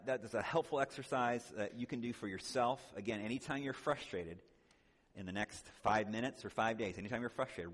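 Man, low voice, conference teacher, chatty with quick jokes, reverberant hall. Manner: conversational, checks in with "right?" and "okay?", joking asides. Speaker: conference speaker teaching on biblical counseling.

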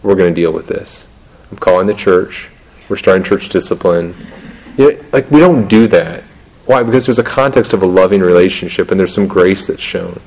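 A middle-aged man talking through parenting in a casual, halting way, restarting sentences often and laughing at himself. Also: low voice, a little mellow, husky, rough recording. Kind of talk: casual teaching talk on parenting.

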